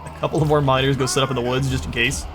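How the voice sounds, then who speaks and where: A man's voice: medium pitch, flat delivery, racing, noisy background. A man casually commentating his own strategy game session, thinking aloud with frequent fillers and restarts. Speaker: gaming channel host.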